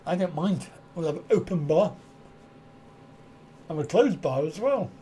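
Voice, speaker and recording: Man, middle-aged, live stream host, unhurried, a bit high, wry chuckles. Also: animated, warm tone, slight background noise. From United Kingdom. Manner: chuckles often, wry, self-mocking asides. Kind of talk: casual live stream chat reacting to viewer comments.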